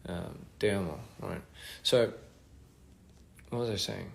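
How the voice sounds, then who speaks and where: A young man casually chatting on a phone livestream, reading fan comments aloud with halting restarts and many fillers. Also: deep voice, creaky. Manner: halting, many restarts and fillers, switching between English and Korean. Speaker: musician hosting a livestream.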